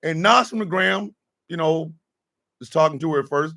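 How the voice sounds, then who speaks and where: A man hosting a podcast, delivering a profane, exasperated comedic rant and often shouting. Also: fairly high pitch, moderate pace, creaky. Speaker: podcast host.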